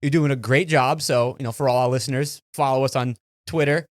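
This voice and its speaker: A man's voice: medium pitch, fairly even intonation, fairly quick, no echo, studio quality. A young man co-hosting a casual podcast, swearing and complaining in an exasperated way about his friend. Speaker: podcast co-host. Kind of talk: casual banter.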